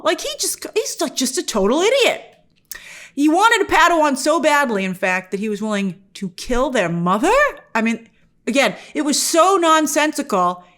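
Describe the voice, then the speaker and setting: A woman hosts an online review show in casual spoken commentary, her fairly high voice leaping up and down in pitch. Animated and exasperated, she often mock-quotes characters and speaks straight to viewers, asking them questions.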